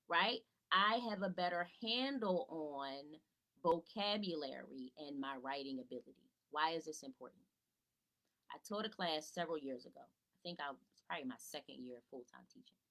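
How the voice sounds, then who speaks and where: On a rough recording, a woman tutor speaks to parents from home in an easygoing live teaching talk. Her voice sits lowish, pushed and bright, at a moderate pace. She's a chatty, casual educator who greets viewers by name and answers the rhetorical questions she asks.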